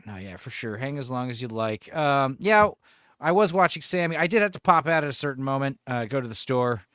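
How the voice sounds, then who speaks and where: A man hosts a casual livestream, talking in a rambling, chuckling way with a lively, bouncing pitch. He sits close to a desk mic in a dry, dead room. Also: brisk, clean tone, no echo. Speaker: streamer host.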